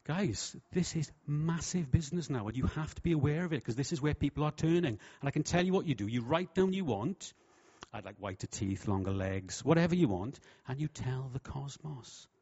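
A man preaching a sermon with humour, lively and jokey, slipping into voices for quotes. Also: a little high, brisk, few pauses, breathy edge. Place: church hall. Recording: dull, lo-fi sound.

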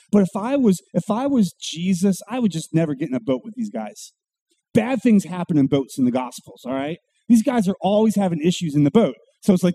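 A man preaching a sermon, acting out quotes with dramatic pauses and a wide swing from loud to hushed. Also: high-pitched, slightly rough, no room sound. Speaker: pastor.

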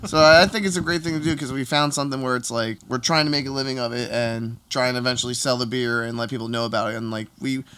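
Man, podcast co-host, quick talker, agreeable, chimes in. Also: mid-range voice, fairly even intonation, fairly bright tone, smooth. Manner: agreeable, chiming in. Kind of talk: casual chat.

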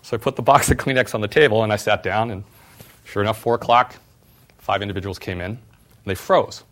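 A middle-aged man, a former startup CEO, giving a university talk and telling personal stories in an animated way. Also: fairly low pitch, fairly quick. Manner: animated storyteller, voice jumps up when retelling exchanges.

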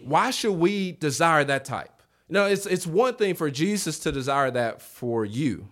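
A man preaching a revival sermon in a church, animated, acting out quoted voices and calling on the congregation to answer back. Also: on the high side, measured pace. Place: church sanctuary.

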